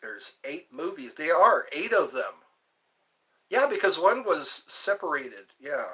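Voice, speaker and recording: A man's voice: on the high side, sing-song, a little slow, pushed and bright, slightly rough, poor audio. A man hosting a live stream, rambling casually and answering viewers' comments.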